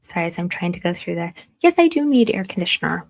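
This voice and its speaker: A woman's voice: lowish voice, very animated, fast, creaky. A woman hosting a casual livestream, talking straight to her viewers, reading their comments aloud and getting gushing and emotional when they thank her. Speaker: livestream host. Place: warm room at home.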